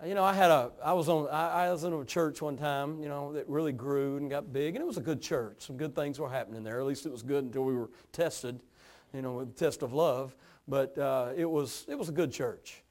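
A middle-aged pastor with a strong East Tennessee hillbilly accent, talking in a folksy, drawling way. His voice sits a little high for a man, and his sermon swings from hushed storytelling to loud, fervent preaching. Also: a little fast. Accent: East Tennessee Appalachian.

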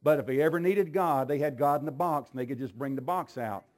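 A man preaching a sermon as pastor, swinging between low, slow teaching and loud, shouted exclamations.

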